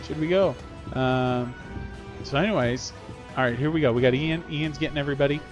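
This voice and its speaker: A man's voice: mid-range voice, a little fast. A middle-aged man hosting a game livestream, chatting upbeat with viewers and cheering on players. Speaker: livestream host. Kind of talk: casual gameplay commentary. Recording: slightly dull lo-fi audio with faint game music.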